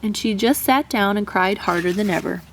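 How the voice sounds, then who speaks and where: A woman teacher reading a children's storybook aloud in an expressive, animated way. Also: medium pitch, normal speed, noisy background.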